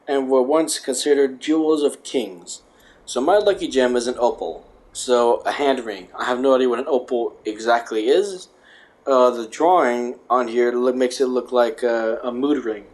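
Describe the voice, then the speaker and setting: A man's voice: medium pitch, darkish tone. A man casually reading aloud, stumbling and correcting himself, and adding wry joking asides. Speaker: vlogger.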